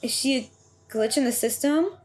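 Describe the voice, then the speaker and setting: A woman giving casual first-watch reaction commentary on an anime, excitable, gasping and exclaiming, and swearing freely. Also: sits high, normal speed, a little hiss or hum.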